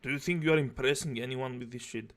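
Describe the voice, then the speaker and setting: A man's voice: mid-range voice, quick pace, a bit bright. A man reacting to a stream, scornful and foul-mouthed, with a harsh delivery. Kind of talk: commentary.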